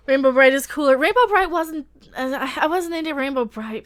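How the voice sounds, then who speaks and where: A woman hosting a casual live reaction stream, sarcastic, laughing often and bursting into loud exclamations. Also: high-pitched, moderate pace. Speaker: livestream host reacting to a trailer.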